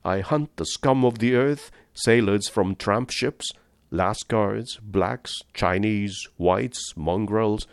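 A man's voice: fairly low pitch, slow pace, no echo, clean studio sound. A man reading the part of a polished, amused and condescending aristocratic general with cold-blooded views. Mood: suave.

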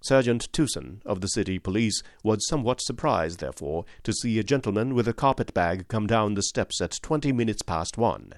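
A man reading a detective story aloud in measured, composed narration. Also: on the low side, expressive, dry recording, studio quality. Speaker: audiobook narrator.

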